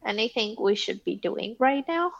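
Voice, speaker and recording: A woman's voice: a little high, expressive, normal speed, gravelly, no room sound. A woman playing a tabletop game in character, rambling with many fillers. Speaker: player. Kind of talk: casual tabletop role-play. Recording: dull, dry lo-fi mic.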